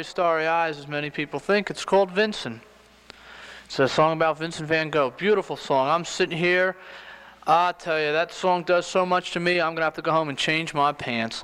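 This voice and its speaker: High-voiced chatty male radio DJ. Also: a bit bright, clear, resonant tone, rough recording. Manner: rambling joke-telling. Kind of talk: casual radio DJ patter.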